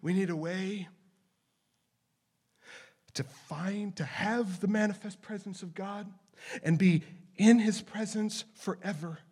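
A man preaching a sermon as pastor, moving between loud, urgent questions and hushed, slow emphasis. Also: high voice, slightly rough.

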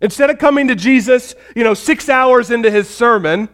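A man preaching a sermon to a congregation, animated, asking them questions and acting out the people in the story, dropping from loud emphasis to near quiet. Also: very high voice, normal speed. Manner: animated, acts out quoted voices, shifts between loud emphasis and quiet; talks with the congregation, asks questions. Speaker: pastor.

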